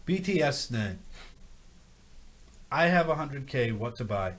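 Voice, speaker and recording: A man's voice: medium pitch, moderate pace, long pauses. A man hosting a casual crypto livestream, reading viewer questions aloud and ranting, often repeating himself. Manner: rambling, animated rants with repeated phrases.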